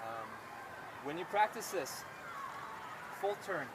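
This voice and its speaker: A man's voice: on the high side, sing-song, slow pace. A man coaching a group in discus throwing outdoors, explaining each step patiently and often asking if it makes sense. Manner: patient, step-by-step, checks understanding. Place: outdoor athletic field. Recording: distant voice in loud outdoor noise.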